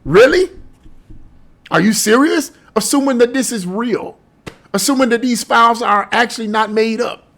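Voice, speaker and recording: A man's voice: very high voice, moderate pace, a bit bright. A man giving his political opinions in a casual vlog, emphatic and scoffing, with lots of rhetorical questions. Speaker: political commentator.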